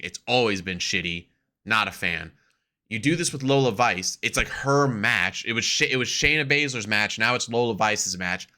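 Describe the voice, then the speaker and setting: Sharp-voiced excitable podcast host man. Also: on the low side. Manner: excitable, profane, acts out quotes. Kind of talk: casual wrestling podcast chat.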